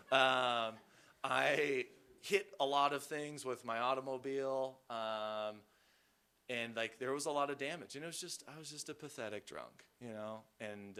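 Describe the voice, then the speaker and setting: A man with a bright, forward voice shares his recovery story with a group. He talks candidly and mocks himself, drifting loosely between thoughts with plenty of fillers. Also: mid-range voice. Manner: candid and self-deprecating; loose and rambling, many fillers. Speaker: recovery meeting speaker. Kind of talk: personal recovery testimony.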